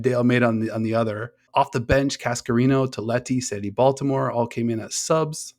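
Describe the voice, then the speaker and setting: An American man hosts a casual sports podcast with real energy. He rattles through the match, curses freely and laughs between points, in the loose rhythm of an unscripted chat. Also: mid-range voice. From United States. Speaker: podcast host.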